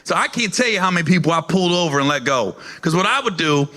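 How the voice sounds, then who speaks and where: A man's voice: fairly high pitch, lively intonation, fast talker, bright, forceful tone. A man performing stand-up comedy, telling a profane story and laughing between his lines.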